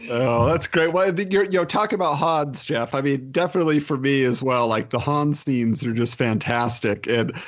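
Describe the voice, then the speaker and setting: A man's voice: mid-range voice, moderate pace, few pauses. A man hosting a podcast, chatting casually and telling behind-the-scenes stories with quoted asides. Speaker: podcast host. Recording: muffled lo-fi podcast audio.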